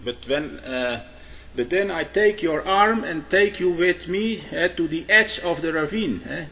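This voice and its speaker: A man preaching a sermon. He tells illustrative stories, pauses on hesitations, and keeps adding a questioning "eh?". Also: a little high, expressive, pushed and bright. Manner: frequent "eh?" tag questions, halting restarts. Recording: long hall reverb.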